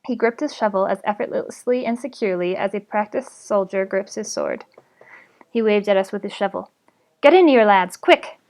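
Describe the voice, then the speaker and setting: A woman reading a novel aloud in a steady, even voice on her live stream. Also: medium pitch, brisk. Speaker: reader streaming a book aloud.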